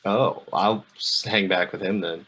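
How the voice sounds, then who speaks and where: A man's voice: deep voice, steady tone, measured pace, fairly bright tone, a little hiss or hum. A man playing in a tabletop game, laid back as he describes his character's actions. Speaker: player. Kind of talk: casual game chat.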